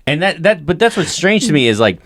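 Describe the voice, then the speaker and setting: A man's voice: fairly high pitch, big pitch swings, a little fast, a bit bright, no room sound. A man in his thirties telling crude, joking stories with plenty of swearing as a comedy podcast co-host. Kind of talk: casual comedy podcast banter.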